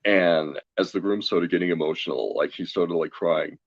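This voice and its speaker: A man's voice: low-pitched, moderate pace, no echo, highs cut off. A man, a guest on an interview show, telling a story in a chatty way, laughing often and acting out what people said. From Colorado. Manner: chatty, laughs often, quotes himself and others. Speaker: guest, tarot reader.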